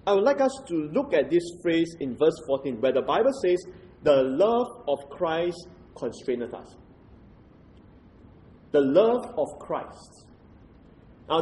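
A man preaching an expository sermon in a measured, explanatory way, posing rhetorical questions to the congregation. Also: on the high side, warm tone, rough recording.

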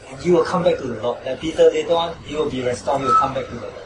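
A man's voice: mid-range voice, very fast. Emphatic male preacher in echoey hall. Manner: emphatic, repetitive, asks listeners "right?". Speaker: pastor. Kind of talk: sermon and closing prayer. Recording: echoey room, mic at a distance, noisy.

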